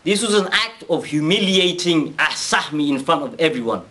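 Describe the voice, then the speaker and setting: A man tells a story casually and with animation, performing the quoted lines and frequently restarting sentences. His voice sits a little high, and he talks at a normal pace.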